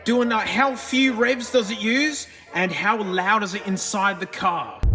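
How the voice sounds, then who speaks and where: Australian male car vlogger, high and excitable, slangy and quick to laugh; reverberant garage sound. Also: background noise. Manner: excitable, chatty, laughs often, lots of slang. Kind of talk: casual commentary over car work and testing.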